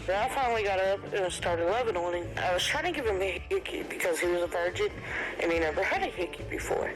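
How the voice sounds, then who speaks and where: A woman's voice: mid-range voice, expressive, fast talker, music in the background, rough recording. A woman vlogger telling her viewers a story in a chatty, blunt way, dragging out some words.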